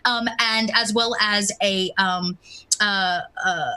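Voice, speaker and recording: A woman's voice: mid-range voice, fairly even intonation, slow, pushed and bright, clear, resonant tone. A woman game master chatting playfully on a stream outro, with many fillers and hesitations. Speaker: game master, guest player. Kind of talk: casual stream outro chat.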